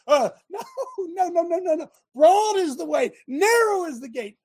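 A man hosting a talk show, preaching and mocking in an animated way and throwing questions at his listeners. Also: extremely high pitch, a little slow. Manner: animated, sermonizing, mocking, asks the audience questions.

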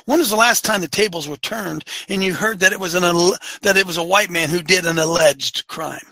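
A man's voice: high voice, fairly quick, hardly any pauses, bright, forceful tone, no echo. A man delivering a fiery opinionated monologue as a show host, firing off rhetorical questions and repeating phrases for emphasis.

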